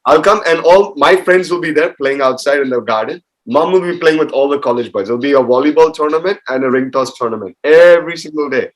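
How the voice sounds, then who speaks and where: A man's voice: a little high, fast, hardly any pauses, low-quality recording. A man casually teasing about his mother in a family chat, joking and laughing as he goes. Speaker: son of the birthday woman.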